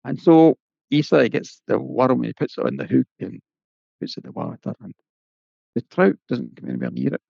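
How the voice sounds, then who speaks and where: A man tells a folk tale in a relaxed, conversational way. His voice is deeply gravelly and husky, rising and falling in a lively sing-song. The sound is dull and dry, close to the mic. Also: moderate pace, no room sound. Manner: lilting, conversational, folksy asides. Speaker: storyteller. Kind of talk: oral folk-tale telling.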